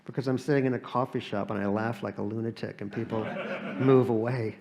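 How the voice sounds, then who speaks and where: A man's voice: on the low side, steady tone, brisk, vocal fry, a crowd in the background. An American man, an author speaking at a live event, telling wry comic stories and often restarting his sentences. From United States. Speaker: author guest. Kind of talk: live on-stage conversation.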